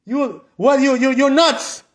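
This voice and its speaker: A man's voice: very high-pitched, unhurried, voice pushed up. A man voicing a scheming male devil who badgers with incredulous questions.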